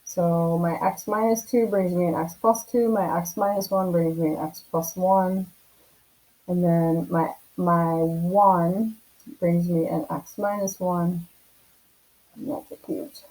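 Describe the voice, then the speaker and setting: A woman's voice: on the low side, slow pace, mellow, rough recording. A woman teaching a math lesson on video from home, explaining casually and often checking in with "right?".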